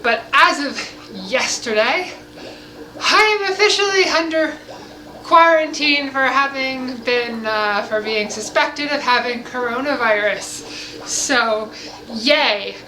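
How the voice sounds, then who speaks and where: A woman's voice: high-pitched, slow pace, bright, forceful tone, poor audio. A woman chatting casually in a home vlog, out of breath and slipping into baby talk with her pets. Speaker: vlogger. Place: home, indoors.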